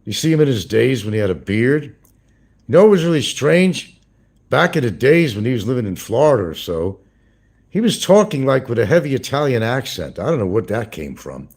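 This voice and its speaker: A livestream host with a mid-range, slightly mellow voice rambles through crude gossip, very animated and a little fast. It's casual livestream commentary, peppered with swearing and chuckles.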